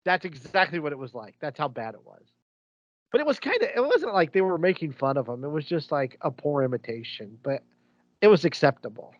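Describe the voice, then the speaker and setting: A podcast co-host chats casually, rambling through stories and restarting often. His voice sits on the high side, very animated and fairly quick, with no room sound, though the recording is dull and lo-fi.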